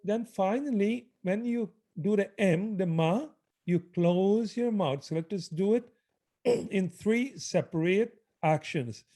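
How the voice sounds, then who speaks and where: A man teaching mantra chanting, speaking slowly and reverently in devotional prayer and instruction. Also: high voice, warm tone. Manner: slow and reverent.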